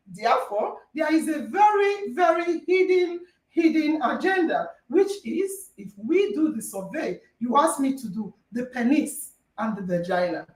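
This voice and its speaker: Female podcast host, very high and lively voice, insistent and argumentative, distant mic with a roomy echo. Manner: emphatic, argumentative, repeats phrases for stress. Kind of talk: heated debate moderation. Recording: echoey room, distant mic.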